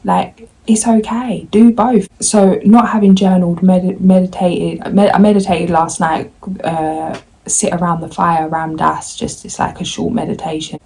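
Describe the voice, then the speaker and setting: A woman's voice: lowish voice, flat delivery, moderate pace, a little mellow, husky, rough recording. A woman tarot reader talking candidly to her viewers in a rambling way, often voicing her own inner self-talk. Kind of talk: candid confessional vlog.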